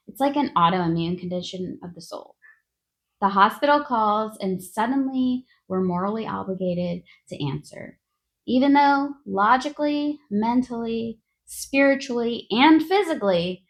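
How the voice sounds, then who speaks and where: Sarcastic nurse lady ranting slow, voice jumping all over, comedy monologue. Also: medium pitch, gravelly. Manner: sarcastic, exasperated. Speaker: nurse podcast host.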